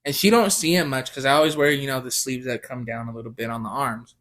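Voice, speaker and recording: A man's voice: mid-range voice, steady tone, fast talker, fairly bright tone. A man, a podcast co-host and father, telling a story in a laid-back, slangy way. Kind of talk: casual chat.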